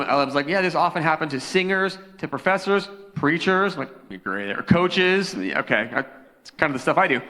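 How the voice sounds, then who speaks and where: A young man, a youth pastor, preaching casually into a handheld mic, telling a story with jokes and animated asides. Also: a little high. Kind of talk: sermon. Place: church sanctuary. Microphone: handheld microphone. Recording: long hall reverb.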